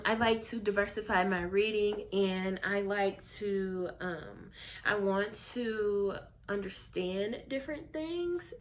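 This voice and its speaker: A woman's voice: medium pitch, a little hiss or hum. A woman from the United States, a book vlogger chatting casually through a haul with frequent ums and self-corrections, her voice getting worn. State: losing her voice.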